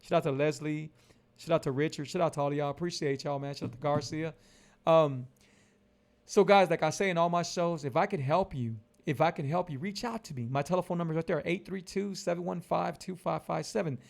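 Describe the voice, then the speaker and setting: A keto lifestyle vlogger in his forties talks casually and motivationally about his diet, emphatic and preachy, repeating his points again and again. His voice is a little high, a little fast, creaky and darkish in tone.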